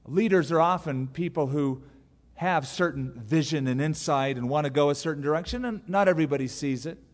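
A man preaching a sermon as a pastor, telling the story in a lively way and briefly acting out the characters' lines. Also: on the high side. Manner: animated storytelling, acting out the characters in quick voices. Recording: long hall reverb.

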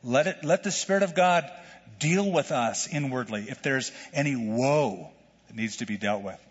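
A man preaching a verse-by-verse sermon, animated, repeating words as he goes and acting out the shouts in the story he tells. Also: mid-range voice, normal speed, breathy edge. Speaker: pastor. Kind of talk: expository sermon with a told joke. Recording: dull, distant church hall sound.

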